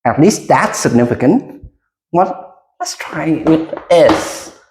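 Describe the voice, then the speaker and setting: Slow, lively-pitched teacher in echoey room. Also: noisy background. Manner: slow, deliberate, with frequent hesitations; lively pitch, leading the class in repetition. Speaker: English teacher. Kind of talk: classroom micro lesson. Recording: roomy echo.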